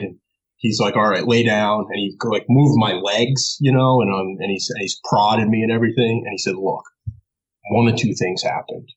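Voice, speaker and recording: A man from New York, a podcast guest, telling a story in a casual, animated way, laughing often and swearing freely. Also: on the low side, normal speed, slightly rough, poor audio.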